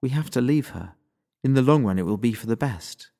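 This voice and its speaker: A man's voice: mid-range voice, animated, brisk, warm tone, pitched above the performer's own voice, natural voice. A man doing a blunt, grim young swordswoman. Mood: stern. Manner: formal and blunt, without contractions. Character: grim, formal young woman fighter, unshaken.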